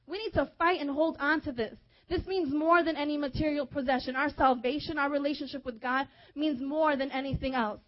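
A young woman preaching a fervent sermon, urging her listeners and dropping to a hushed tone at times. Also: high-pitched, fairly even intonation, fairly quick, hardly any pauses, lo-fi sound. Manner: fervent, exhorting, with hushed softer stretches.

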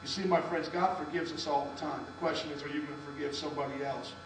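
High-voiced preacher in an echoey hall. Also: male voice, steady tone, fast talker. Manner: storytelling preacher, calls on the congregation to respond. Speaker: pastor. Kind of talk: sermon. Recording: echoey hall from far off, mains hum.

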